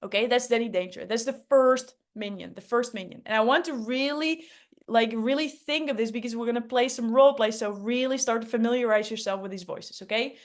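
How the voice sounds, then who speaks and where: Casting: upbeat, emphatic woman hosting a workshop, mid-high voice. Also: fairly quick. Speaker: workshop host. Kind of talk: online workshop teaching.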